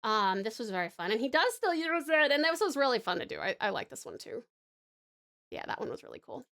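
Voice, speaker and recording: Gushing Australian woman streamer, high voice. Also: sing-song, fast talker, sharp tone. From Tasmania, Australia. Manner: gushing, calls viewers hun and darling. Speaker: live streamer. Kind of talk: casual live-stream chat while drawing.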